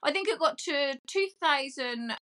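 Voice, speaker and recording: Loud, lively woman chatting. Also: high-pitched, a little slow. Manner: loud, chatty and self-mocking. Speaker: guest, cake decorator. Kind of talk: casual chat.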